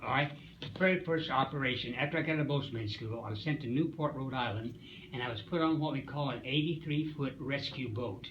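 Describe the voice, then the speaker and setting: Here the highs are cut off and a faint hiss or hum sits underneath. The speaker is a man in his nineties from Springfield, Missouri, USA, with a mid-range voice and a fairly quick pace, recounting his wartime Coast Guard days in an interview, rambling folksily and hesitating as he goes.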